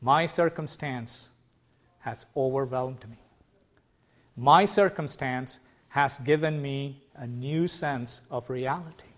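A man preaching a sermon, earnest and emphatic, slowing down to stress key words. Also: medium pitch.

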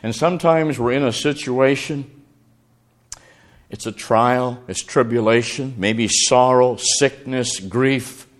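A man preaching a sermon, earnest, quoting scripture and swinging between raised and hushed passages. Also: medium pitch, takes it slowly.

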